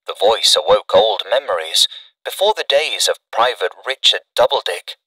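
A man giving a measured, dramatic scripted narration of a classic story. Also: sits low, animated, bright, forceful tone, no echo, far from the mic, low-quality recording.

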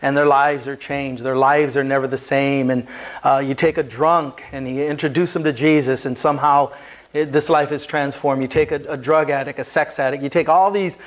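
A man's voice: mid-range voice, steady tone, moderate pace. A man preaching a sermon as pastor, earnest and building emphasis as he explains scripture.

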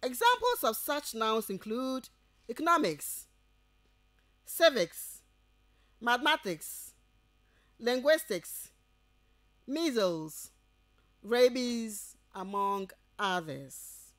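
A woman with a Ghanaian English accent giving a radio lecture to university students, repeating each point slowly as if dictating and checking that they follow. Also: fairly high pitch, very animated, a bit bright, no echo.

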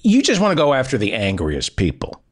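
A middle-aged man hosting a comedy podcast, lecturing in a wry, animated way. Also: medium pitch, fairly quick. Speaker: podcast host.

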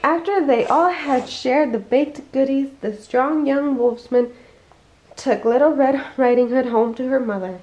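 A woman's voice: high voice, low-quality recording. Woman reading a bedtime story aloud. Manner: expressive, slows for emphasis. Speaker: family storyteller. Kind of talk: children's bedtime read-aloud.

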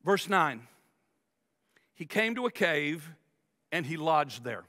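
A man preaching a sermon as pastor, emphatic and lively, sometimes acting out whiny complaints. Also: fairly high pitch, takes it slowly. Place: large church sanctuary. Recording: long reverb of a church hall.

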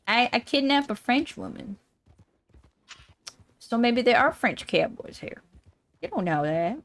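A woman streamer chatting playfully and giggling through a casual gaming stream. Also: fairly high pitch.

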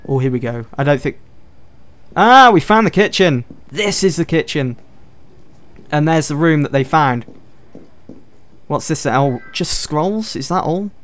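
A man's voice: on the high side, expressive, unhurried, long pauses. Chatty man narrating gameplay. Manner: chatty, thinking aloud while exploring. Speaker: gameplay commentator. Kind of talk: casual let's-play commentary.

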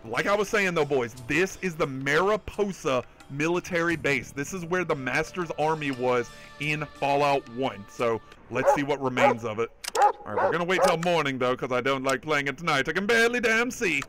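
Speaking at a normal speed in a voice on the high side, a gamer streams live over a rough recording with game music behind him. He's excitable and casual, swearing frequently while reading chat and thanking donors.

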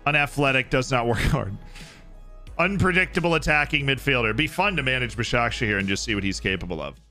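A man streaming a video game live, chatting casually with excitable, laughing banter. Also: medium pitch, brisk, faint music behind.

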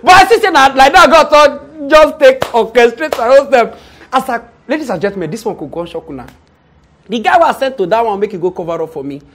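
A young Nigerian man, an event MC, tells a comic story in an animated way and acts out the people in it. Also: very high-pitched, brisk, a little hiss or hum. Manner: animated, acts out quoted people, often laughs. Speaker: event MC and show host.

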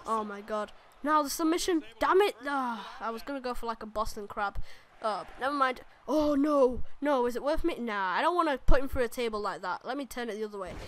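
High-pitched woman, let's-play gamer, excitable, swears and exclaims constantly. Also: fairly quick. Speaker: gaming channel host.

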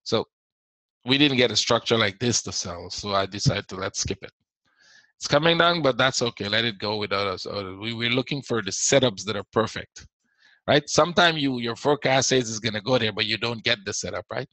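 He's a forex trading instructor with a low-leaning, bright, forceful voice and a brisk delivery, teaching a live trading webinar where he repeats key points and answers viewers in real time. The audio has no room sound but is low quality.

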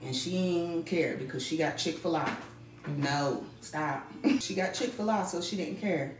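A woman vlogging at home as a mother, talking to her viewers and herself in an animated way and sometimes dropping to a whisper. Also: sits low, unhurried, over music. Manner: animated, talks to herself and the camera, drops to whispers. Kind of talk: casual vlog talk to viewers.

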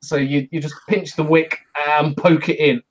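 A man's voice: fairly high pitch, fairly even intonation, moderate pace. A man co-hosting a podcast in casual banter, rambling with many restarts. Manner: rambling, restarts, laughs easily. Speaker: podcast co-host. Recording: muffled lo-fi mic.

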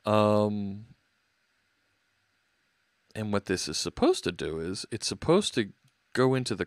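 A man's voice: lowish voice, no echo. A man hosting a live coding stream, thinking aloud as he works and chatting with viewers. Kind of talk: casual live coding narration.

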